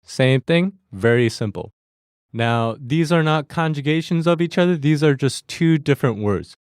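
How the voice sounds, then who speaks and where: Lively-voiced man teaching Korean phrases. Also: a little high, moderate pace, clean tone, no echo, studio quality. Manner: friendly, breaks down phrases step by step, laughs easily. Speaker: language lesson host. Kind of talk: explaining Korean phrases to learners.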